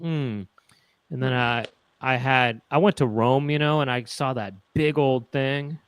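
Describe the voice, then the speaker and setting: A man co-hosting a chat show, telling absurd stories in a deadpan way. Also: mid-range voice, measured pace, clean tone. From Los Angeles. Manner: deadpan absurd storytelling, acts out quoted voices. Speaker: co-host.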